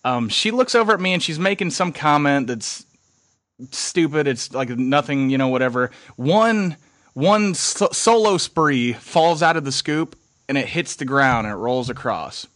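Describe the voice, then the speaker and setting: A man's voice: fairly high pitch, unhurried, no echo, clean studio sound. Young man telling a rowdy story. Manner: animated, swears, acts out quotes. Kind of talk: casual storytelling.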